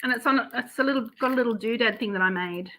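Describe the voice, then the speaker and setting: A woman's voice: fairly high pitch, quick pace, sharp tone, poor audio. A woman, chatting casually as co-host and laughing easily. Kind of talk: casual chat.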